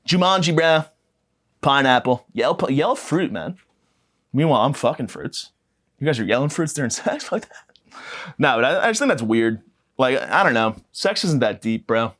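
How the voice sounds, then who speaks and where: A man in his twenties hosting a podcast, delivering a rambling, crude comedic monologue with a self-mocking deadpan. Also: mid-range voice, normal speed. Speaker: podcast host.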